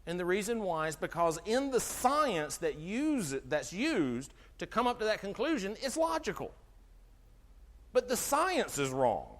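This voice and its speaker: An animated middle-aged man gives a sermon-like health talk and quizzes his listeners as he goes. His voice sits high and swings up and down all the time. The sound carries the long reverb of a hall. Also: a little slow. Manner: animated, asks the audience questions, acts out dialogue. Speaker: chiropractor giving a health talk.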